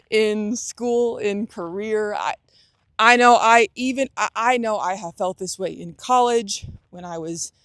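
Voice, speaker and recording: A woman's voice: medium pitch, slow pace, fairly bright tone, dry recording, studio quality. A young adult woman hosting a motivational talk, speaking earnestly with frequent restarts and acted-out inner thoughts. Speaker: host.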